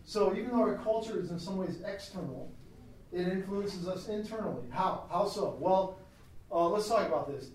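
A man teaching a Christian class in a lecture style that is chatty and animated, with asides, recorded from a distance in a classroom. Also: high voice, moderate pace, slight background noise. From United States. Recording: very echoey room, mic at a distance.

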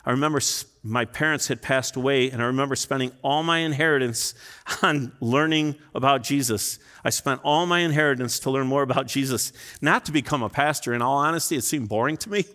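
A man's voice: medium pitch, brisk, bright, forceful tone. A man in his fifties preaching a sermon in a church, telling personal stories in an earnest, emotional way. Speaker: pastor. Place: church sanctuary. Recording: long reverb in a large hall.

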